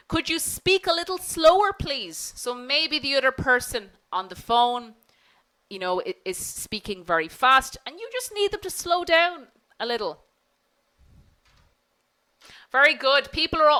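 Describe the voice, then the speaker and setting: Bright-voiced woman teaching business English. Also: medium pitch, low-quality recording. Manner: polite, encouraging, demonstrates phone phrases. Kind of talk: online class lecture.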